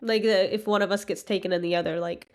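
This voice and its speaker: A woman's voice: medium pitch, steady tone, fast. Woman casually recapping a book. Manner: rambling retelling with many likes and quoted lines. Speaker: podcast co-host.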